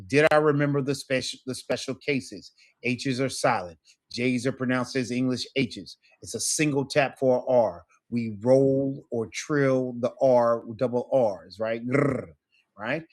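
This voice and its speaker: A man teaching a language class, explaining patiently and checking in with his students often. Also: medium pitch. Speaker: Spanish teacher. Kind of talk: online class lesson.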